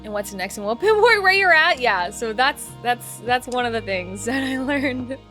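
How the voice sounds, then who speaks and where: Young female streamer, playful and loud, high bright voice, animated, soft music bed. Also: normal speed. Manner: loud, playful and bubbly, yelling then dropping to soft asides. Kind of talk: casual live-stream chat with viewers.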